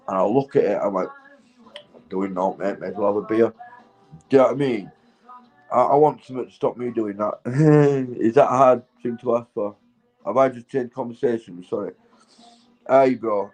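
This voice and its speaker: A man talks in a loose, rambling vlog monologue while stoned. He swears constantly, drifts between thoughts, and breaks into laughter. His voice sits at an ordinary, mid-range pitch. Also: darkish tone, low-quality recording. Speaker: vlogger.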